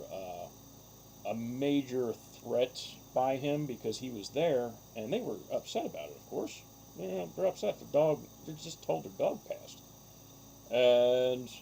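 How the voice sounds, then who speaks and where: A man's voice: fairly low pitch, creaky, mellow, slight background noise. A man, a farmer, telling stories in a casual, rambling and aggrieved way, with many filler words. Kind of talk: casual storytelling monologue. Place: outdoors on a farm.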